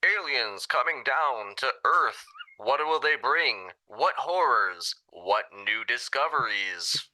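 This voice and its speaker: Brief: man playing a portentous vintage radio announcer, crackly walkie-talkie sound, very bright ringing tone. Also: medium pitch, expressive, takes it slowly, few pauses, exaggerated voice. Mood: ominous. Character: dramatic old-time radio announcer, adult man. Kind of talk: mock radio-drama intro.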